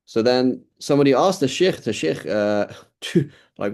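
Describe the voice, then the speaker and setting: A man's voice: medium pitch, expressive, unhurried, creaky, a little mellow. A middle-aged man giving an informal lecture as an Islamic studies teacher, talking casually with many fillers and restarts.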